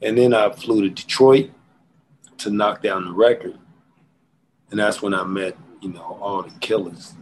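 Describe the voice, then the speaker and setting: A man, a rapper guest, telling stories in a relaxed interview, animated and full of slang. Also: lowish voice, a little hiss or hum, rough recording. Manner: animated, acts out quotes and beatboxes; drawn-out slang-heavy delivery. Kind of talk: casual storytelling interview.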